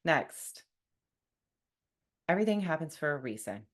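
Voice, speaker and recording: Hosting her own podcast alone, a woman speaks wryly and conversationally in a low, sing-song voice, never rushing. She plays out what other people say to her.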